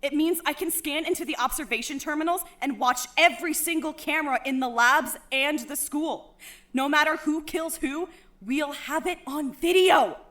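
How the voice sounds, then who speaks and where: A woman voicing a hot-headed, reckless student who shouts and swears in a fan audio drama. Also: sits high, normal speed. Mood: smug.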